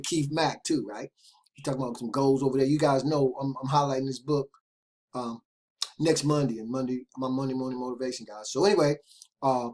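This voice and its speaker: A man hosting an internet marketing video, talking straight to viewers in an excited, casual way, keeps checking in with them. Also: on the high side. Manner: loose casual phrasing with repeated restarts. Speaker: host of an internet marketing channel. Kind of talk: casual direct-to-camera talk.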